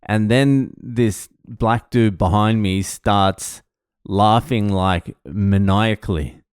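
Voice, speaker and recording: A man's voice: on the low side, slow pace, clear, resonant tone, no room sound, clean studio sound. An Australian man telling a story casually, swearing often and mocking himself. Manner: sweary, self-mocking anecdote with laughs. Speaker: vlogger.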